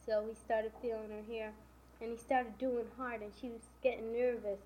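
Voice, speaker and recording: A woman's voice: fairly high pitch, little pitch movement, normal speed, mellow. A woman casually retelling the plot of a novel, stringing events together with "and then" and "you know". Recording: dull lo-fi recording with faint hiss.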